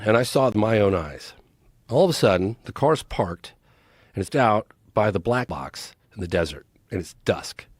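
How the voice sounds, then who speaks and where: A male podcast guest talks through a long personal story in a casual, emphatic way, with frequent restarts and repeated words. His voice rises and falls widely in pitch. The recording is dry and close, with no room sound. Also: no room sound. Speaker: podcast guest, documentary filmmaker.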